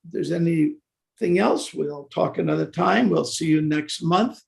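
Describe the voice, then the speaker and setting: An older man with a gravelly, fairly high voice gives a devotional scripture class. He talks genially and haltingly, with fillers and restarts. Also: a little mellow. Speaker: class speaker.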